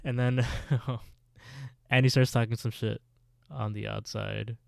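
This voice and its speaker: A man's voice: medium pitch, flat delivery, unhurried, gravelly, no echo, studio quality. A man casually recapping a TV episode as a podcast co-host, telling the story in a laid-back way.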